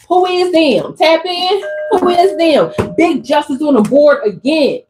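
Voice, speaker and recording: A woman doing a channeled tarot reading for her viewers, animated and exclamatory, in casual slangy speech. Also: sits high, measured pace, music in the background, rough recording. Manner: animated, exclamatory, talks straight to the audience. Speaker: tarot reader.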